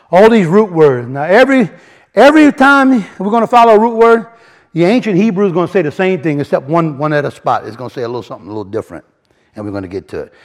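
Animated man preaching, lively high voice. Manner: animated, repeats and restarts, rising emphasis, colloquial grammar. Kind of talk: sermon teaching from word studies.

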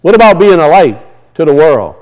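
A man's voice: a little high, very animated, a little fast, a little mellow, low-quality recording. A middle-aged man preaching a sermon, firing rhetorical questions at his congregation. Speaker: pastor.

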